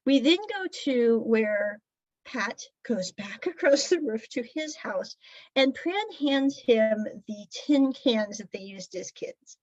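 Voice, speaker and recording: High, husky-voiced woman reviewing a drama. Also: lively intonation, slow pace, a little mellow, no echo, dull audio. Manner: chatty, laughs often, retells scenes with quoted dialogue. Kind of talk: casual episode recap.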